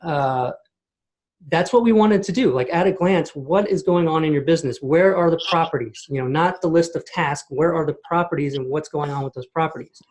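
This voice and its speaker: A man giving a casual screen-share walkthrough of software on a video call, explaining step by step and checking in with "okay?" and "right?". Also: fairly high pitch, fairly quick. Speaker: software demo host. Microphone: computer mic on a video call.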